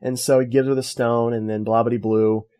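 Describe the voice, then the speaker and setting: Animated jokey man co-hosting a podcast. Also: mid-range voice, normal speed, clear, resonant tone. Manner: animated, jokey storyteller who acts out quotes. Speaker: podcast co-host. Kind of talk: casual movie review chat.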